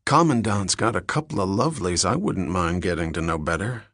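A man's voice: sits low, animated, fairly quick, fairly bright tone, no room sound, studio quality, full character voice. Guy doing a gossipy young marine, brash and blunt. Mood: cheeky.

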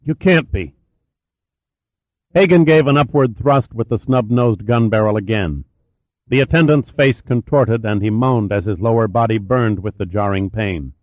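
A man narrating a thriller audiobook in a steady, measured reading voice. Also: fairly low pitch, no echo, muffled recording.

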